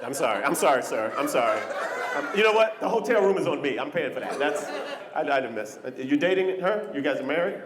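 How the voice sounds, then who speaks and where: A man doing a stand-up comedy set on a club stage, animated and often jumping into shouted character voices. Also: fairly high pitch, quick pace. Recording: live club recording with crowd laughter. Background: audience laughter.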